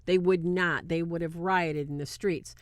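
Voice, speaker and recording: A woman hosting a religious film review, talking casually to her viewers and swinging between loud and hushed. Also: fairly low pitch, fairly even intonation, unhurried, no room sound. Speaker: host reviewing a film on demonology. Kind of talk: casual faith-based commentary.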